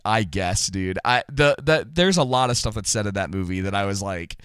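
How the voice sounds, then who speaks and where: A man's voice: on the low side, expressive, normal speed, fairly bright tone, smooth, dry recording, clean studio sound. A man co-hosting a casual movie podcast, rambling with frequent laughs and restarts. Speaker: podcast co-host.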